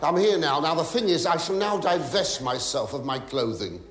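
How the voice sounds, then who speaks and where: A man's voice: a little high, lively intonation, moderate pace, very noisy. A man doing live stand-up on a theatre stage, in fussy, flustered patter full of stammered restarts, asides and mock indignation. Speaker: stand-up comedian. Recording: echoey theatre, loud audience laughter.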